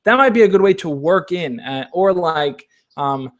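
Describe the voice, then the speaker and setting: A man with a slightly raised voice hosts a relaxed Q&A stream. He gives encouraging, coach-like advice and keeps checking in with the people listening. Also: on the high side, moderate pace. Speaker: advice channel host. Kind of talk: casual Q&A livestream.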